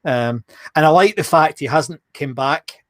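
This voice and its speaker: A man co-hosting a live online chat show, talking casually and joking as he reads viewer messages. His voice sits a touch high for a man and is recorded close and dry, with no room sound. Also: unhurried, a bit bright, no room sound. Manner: chatty and jokey, laughs often.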